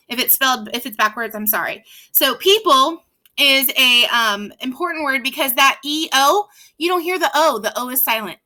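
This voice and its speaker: A young woman teacher gives a patient reading lesson to young children and sounds words out slowly. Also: sits high, pushed and bright.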